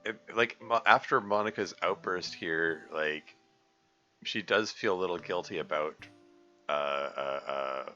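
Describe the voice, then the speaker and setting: Bright-voiced halting male game reader. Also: sits low, lo-fi sound, faint music behind. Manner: halting, filler-heavy, self-interrupting. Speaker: game mod developer and reader. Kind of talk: visual novel reading with commentary.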